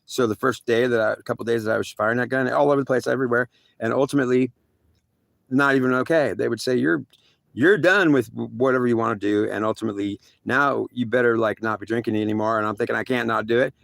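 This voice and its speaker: A man tells a long first-person story at a fast clip, his voice rough with fry. He stumbles and restarts often, and he mimics other people's remarks in quick back-and-forth. The sound is dry and close, with no room around it. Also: mid-range voice, steady tone, fairly bright tone, no room sound. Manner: halting, repetitive, many restarts.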